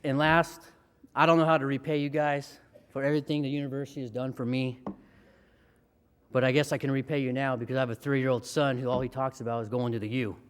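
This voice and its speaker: A man's voice: mid-range voice, little pitch movement, fast, big-room sound, a little hiss or hum. Man giving an emotional acceptance speech. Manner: heartfelt, emotional thanks. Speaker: hall of fame inductee.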